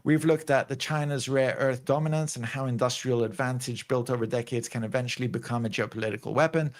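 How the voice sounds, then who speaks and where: A man's voice: mid-range voice, steady tone, quick pace. Rambling male show host. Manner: rambling, lots of likes and restarts. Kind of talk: casual commentary and reaction.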